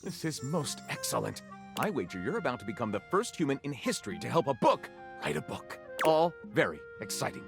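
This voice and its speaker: A giddy, old-fashioned talking book from a video game, her low voice leaping wildly as she gushes in grand, antique phrases. Guitar music plucks along behind her. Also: very animated, a little fast, gravelly, full character voice. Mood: excited. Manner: theatrical, archaic phrasing.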